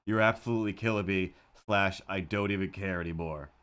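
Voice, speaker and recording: A man's voice: sits low, steady tone, brisk, fairly bright tone. A man streaming live, telling a story in a casual, rambling and wry way with self-mocking asides. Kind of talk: casual chat while drawing on a livestream.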